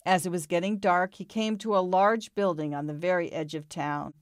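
A woman reading a children's storybook aloud in a calm, expressive way. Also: fairly low pitch, normal speed, dry recording, clean studio sound.

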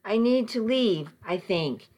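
A woman's voice: medium pitch, expressive, slow pace, a little mellow. A woman voicing a panicked young man in shock who stammers frantically in an audiobook story.

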